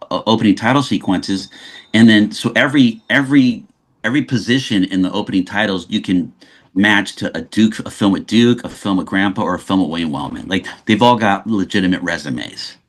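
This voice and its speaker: Animated storytelling man from Los Angeles. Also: lowish voice, normal speed. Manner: animated storyteller, frequent restarts. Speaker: guest actor. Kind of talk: casual interview chat.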